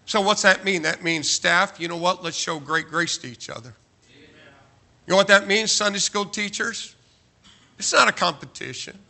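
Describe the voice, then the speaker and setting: A man's voice: high-pitched, pushed and bright. A man preaching a sermon to a large church, emphatic and joking, firing off rhetorical questions. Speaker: pastor.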